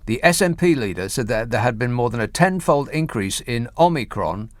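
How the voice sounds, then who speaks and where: A man's voice: medium pitch, lively intonation, normal speed, no echo. A man hosting a radio phone-in, delivering mocking political commentary. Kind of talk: talk radio monologue and phone-in. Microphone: studio microphone.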